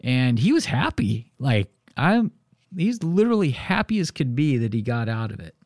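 A man hosts a real estate podcast as a casual solo monologue, telling animated stories full of "you know" fillers. His mid-range voice moves at a moderate pace, and the studio-quality recording has no echo.

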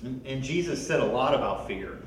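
A man preaching a sermon as a pastor, animated and often repeating words as he starts a sentence. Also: mid-range voice, a little fast, very echoey, recorded from a distance, a little hiss or hum, low-quality recording.

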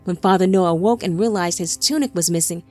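Lady reading a storybook, lowish voice, quiet music behind. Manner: measured, storytelling. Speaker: narrator. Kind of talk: scripted storybook narration.

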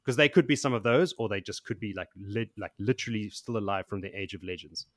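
A man's voice: on the low side, fast, dry recording. Curious man speaking in a dry room. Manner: curious, musing aloud with questions. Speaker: podcast co-host. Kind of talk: casual book discussion.

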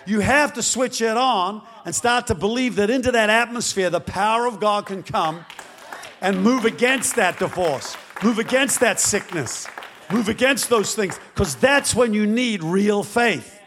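A male pastor preaching a dramatic storytelling sermon that swings up to shouting. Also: high-pitched, measured pace, some chatter behind, a little hiss or hum.

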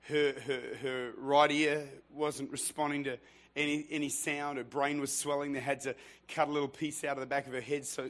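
A man preaching a sermon in church, moving from quiet storytelling to fervent, shouted exhortation. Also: medium pitch. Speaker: pastor.

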